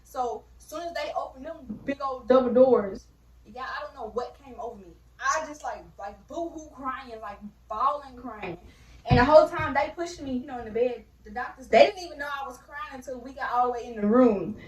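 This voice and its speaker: A woman's voice: high voice, moderate pace. A young woman casually telling her birth story to viewers, chatty, with lots of fillers, calling them y'all. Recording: roomy, distant mic.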